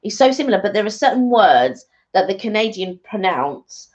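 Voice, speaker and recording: A woman's voice: mid-range voice, very animated, normal speed, darkish tone. A woman co-hosting a live stream, chatting casually and rambling with fillers and restarts. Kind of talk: casual chat. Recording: dull lo-fi stream audio.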